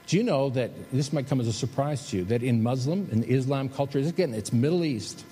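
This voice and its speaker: A man preaching a sermon as a pastor, shifting between emphatic rises and soft, slowed drops. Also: mid-range voice. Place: church sanctuary. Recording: reverberant hall with faint noise.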